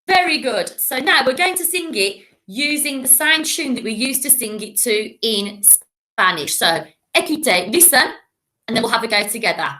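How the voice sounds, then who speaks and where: A primary school teacher, giving a recorded lesson to young children in a clear, patient and encouraging voice. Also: female voice, on the high side, expressive, normal speed, bright, forceful tone.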